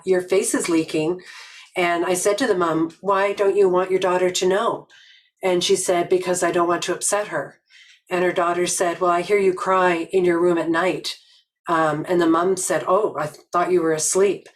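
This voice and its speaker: An older woman from Nova Scotia giving a reflective webinar talk, telling stories slowly and earnestly with many pauses. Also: on the low side, poor audio. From Nova Scotia, Canada. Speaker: webinar presenter.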